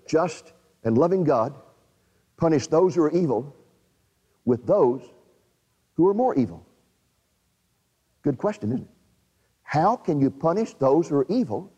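A man's voice: fairly high pitch, very animated, moderate pace, long pauses, warm tone, husky, long reverb tail. A male preacher delivering a sermon in a dramatic, emphatic way, putting rhetorical questions to his audience.

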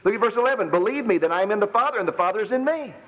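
A man preaching a sermon, reading scripture aloud and stressing lines by repeating them slowly. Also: high voice, lively intonation, a bit bright. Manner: emphatic preaching, rereads verses slowly for stress. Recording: muffled hall reverb.

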